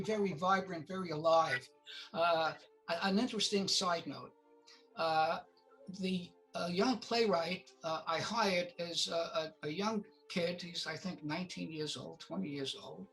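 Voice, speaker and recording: A man's voice: high voice, a bit bright, rough recording. A man being interviewed as a film producer, telling stories with many fillers and restarts, acting out what others said. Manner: halting, many fillers, acts out quotes. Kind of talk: interview guest, casual storytelling.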